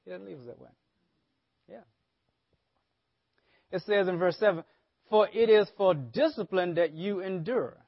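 A man's voice: high voice, measured pace, gravelly, pauses often, no echo. A man preaching a sermon as pastor, often asking the congregation rhetorical questions. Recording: dull lo-fi sermon audio.

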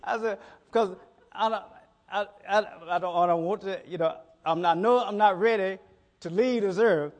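A man's voice: high voice, normal speed. A middle-aged man preaching a conversational sermon, telling stories in a folksy way and often repeating his words. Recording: reverberant hall.

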